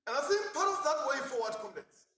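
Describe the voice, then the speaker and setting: Impassioned union speaker. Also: male voice, extremely high pitch, very animated, quick pace. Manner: impassioned, repeatedly addressing "comrades", builds to shouts. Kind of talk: rally speech. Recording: echoey public address from a distance.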